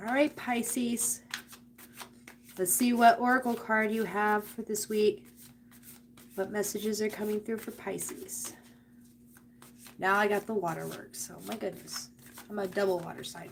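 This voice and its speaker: A woman's voice: medium pitch, steady tone, unhurried, slight background noise. A woman giving a live tarot and oracle card reading, speaking earnestly and directly to the viewer about spirit and energy.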